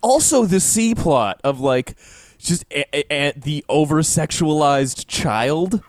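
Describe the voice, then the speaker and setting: A man co-hosting a casual podcast, making wry deadpan asides. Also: on the high side, slow, dry recording. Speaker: podcast co-host. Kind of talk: casual chat.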